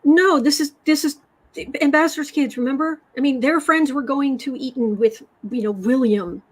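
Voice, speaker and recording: A woman from West Virginia hosting a tarot and astrology livestream, telling stories in a rambling, animated way with sudden emphatic outbursts. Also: high voice, moderate pace. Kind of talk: casual chat, storytelling.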